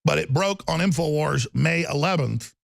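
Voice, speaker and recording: A man hosting a political talk show, ranting rapidly and heatedly with stammering restarts. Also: on the high side, creaky, no room sound.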